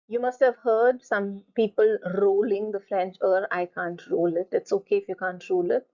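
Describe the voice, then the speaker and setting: Slow, patient woman teaching pronunciation. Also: medium pitch, darkish tone. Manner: repeats each word slowly for pronunciation drill. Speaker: French teacher. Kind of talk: recorded slide lecture. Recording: dull lo-fi recording.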